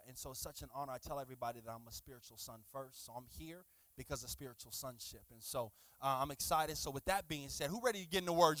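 A man preaching as a guest pastor, lively and conversational, acting out little dialogues and repeating words for emphasis. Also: fairly high pitch, no echo. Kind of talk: lively sermon.

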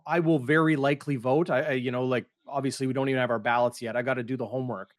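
A man, a sports reporter co-hosting a casual chat, analytical and quick to cut in. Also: mid-range voice, fairly even intonation, no echo, studio quality.

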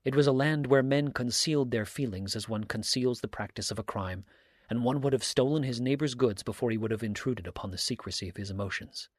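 Low-voiced man reading a story. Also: slightly rough, no echo, clean studio sound. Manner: steady, earnest storytelling. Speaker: narrator. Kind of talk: audiobook reading.

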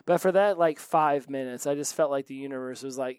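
A man hosting a solo self-help podcast, telling stories in a chatty, animated way. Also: medium pitch, brisk, hardly any pauses, clear, resonant tone, no echo. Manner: chatty, animated storytelling with laughs. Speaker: podcast host.

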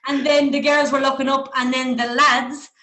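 A woman with an Irish accent, telling stories in casual chat, animated and laughing often. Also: sits high, moderate pace, reverberant, slight background noise. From Ireland. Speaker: guest.

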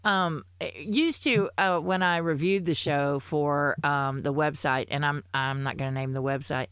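A woman co-hosting a podcast in casual chat, rambling and halting with many restarts, swearing freely. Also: low voice, steady tone, fairly bright tone, clear, resonant tone, no room sound, studio quality. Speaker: podcast co-host.

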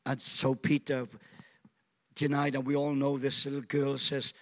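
A man's voice: flat delivery, normal speed. A man preaching a sermon in a church, acting out quotes dramatically and throwing in jokey asides. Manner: dramatic, acts out quotes with big pitch swings. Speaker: pastor.

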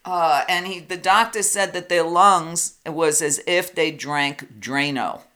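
A man's voice: a little high, slow, pushed and bright, smooth. A man who hosts his own show, talking bluntly and indignantly in a casual political chat. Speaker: talk show host.

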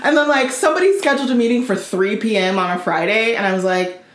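A woman in her thirties chatting casually as a podcast co-host. She tells animated stories, acts out other people's lines and laughs often. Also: on the high side, quick pace. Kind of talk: casual chat. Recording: roomy echo with faint background noise.

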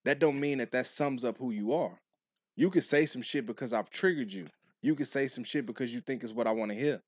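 A man's voice: medium pitch, brisk, no room sound, clean studio sound. Laid-back, profane man in casual debate. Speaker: podcast co-host. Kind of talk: casual chat.

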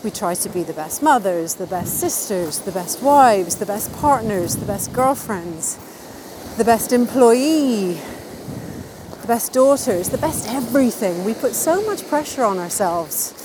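A woman's voice: mid-range voice, animated, a little slow, background noise. A woman answering interview questions in a casual, upbeat and chatty way, laughing now and then at her own wordplay. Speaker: interviewee sharing wellbeing tips.

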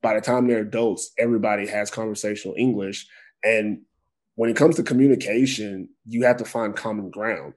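A man's voice: on the low side, a little fast. Chatty American man explaining things. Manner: relaxed, talkative, explains at length with everyday slang. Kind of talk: casual chat.

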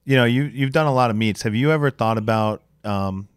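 A man hosting a casual interview, asking relaxed questions and giving short affirmations. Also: medium pitch, a little fast, clear, resonant tone, no room sound, clean studio sound. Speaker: host.

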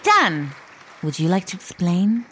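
A woman's voice: on the low side, wildly swooping pitch, measured pace, fairly bright tone, husky, a faint crowd, heavily acted. A woman playing a smug game show host with a mock-cheery, theatrical manner.

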